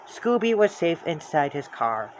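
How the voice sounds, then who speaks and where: Lively storybook reader. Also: medium pitch, measured pace, a little hiss or hum. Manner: lively, expressive narration. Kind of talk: reading a children's book aloud.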